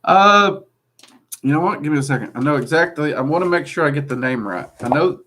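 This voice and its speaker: A man with a mixed Kentucky and Louisiana Southern accent hosts a casual livestream, answering chat; his voice is a little high, bright, expressive, and a little fast. He rambles hesitantly with lots of ums and friendly asides.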